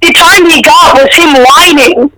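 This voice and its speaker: A woman's voice: high voice, unhurried. A woman co-hosting a casual political talk show, talking hesitantly and checking her notes. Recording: noisy recording with clicks.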